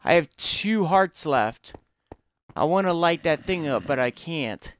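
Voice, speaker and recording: A man's voice: a little high, expressive, unhurried, smooth. Rambling man narrating his gameplay. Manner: rambling, searches for words, exclaims in panic. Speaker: gameplay streamer. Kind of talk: casual gameplay commentary.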